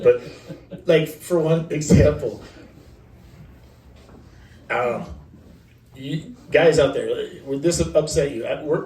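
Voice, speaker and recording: A man's voice: medium pitch, a little mellow, a little hiss or hum. A young man giving his own wedding vows off the cuff, rambling and self-deprecating, with jokes. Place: wedding ceremony. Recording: roomy, from a distance, faint background ambience.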